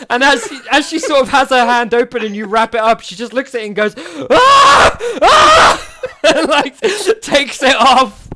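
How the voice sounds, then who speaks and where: Hesitant casual game master narrating. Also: medium pitch. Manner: casual, hesitant, full of "like" and restarts.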